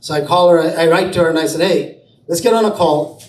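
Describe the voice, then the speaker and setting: A man's voice: on the high side, quick pace, darkish tone, slight background noise. A man speaking at an entrepreneurs' event, telling personal anecdotes and acting out the dialogue. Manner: anecdotal, acts out dialogue in quotes. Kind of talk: personal storytelling talk. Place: event room with an audience. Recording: roomy, distant mic, faint ambience.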